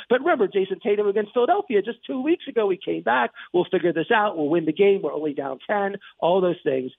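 A man hosting a sports talk show, recapping a game in a rambling, excited monologue full of restarts and asides. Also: sits high, fast talker, creaky, few pauses, slightly rough, dry recording. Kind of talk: casual sports commentary monologue. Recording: tinny phone-like radio line.

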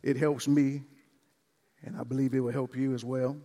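A man's voice: medium pitch, level tone, normal speed, dark tone, long reverb tail, faint music behind. A man preaching a sermon to a church congregation, exuberant and calling out to them. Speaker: pastor. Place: church service.

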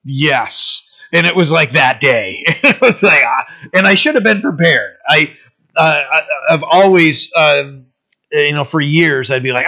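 Bright-voiced pastor preaching casually. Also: male voice, fairly high pitch, a little slow, creaky. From United States. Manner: informal storytelling sermon, loose and personal. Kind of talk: conversational sermon. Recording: dull lo-fi recording.

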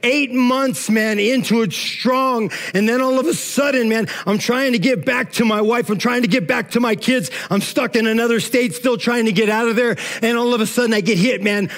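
A middle-aged man preaching a lively, informal sermon as pastor, often saying "man" between phrases. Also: extremely high pitch, normal speed, few pauses.

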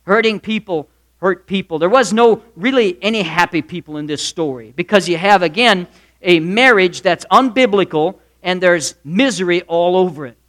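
Man, high voice, preaching a sermon, acts out characters, loud and soft swings. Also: normal speed. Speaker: pastor.

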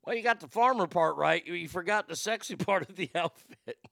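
A man's voice: high voice, expressive, a little fast, creaky, bright, forceful tone, dry recording, studio quality. A male radio host giving blunt, vulgar, mocking comedic commentary.

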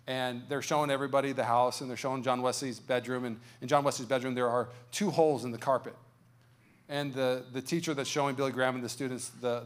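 A man preaching a sermon as pastor, telling a story and then praying with rising fervor. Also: mid-range voice. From United States. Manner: storytelling, building to loud fervent prayer. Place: church sanctuary.

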